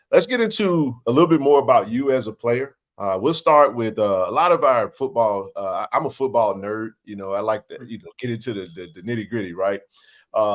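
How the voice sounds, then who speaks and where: A man hosting a casual sports interview, asking long, winding questions. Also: on the low side. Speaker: podcast host.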